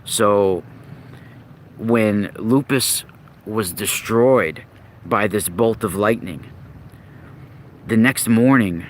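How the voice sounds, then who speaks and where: A very deep-voiced podcast host talks slowly through old legends and occult lore in a casual, rambling monologue. He circles back and restarts as he hunts for the right word, over a faint hiss of background noise.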